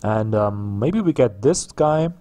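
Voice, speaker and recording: A man's voice: fairly low pitch, lively intonation, slow pace, warm tone. A man giving casual let's play commentary on a strategy game, musing aloud with frequent ums and restarts. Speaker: gameplay commentator.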